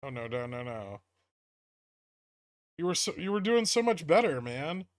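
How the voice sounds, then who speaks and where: A man with a high-leaning, sing-song voice talks a little slowly while hosting a stock-trading livestream. He casually comments on trades and reacts to the charts, swearing now and then, with no echo.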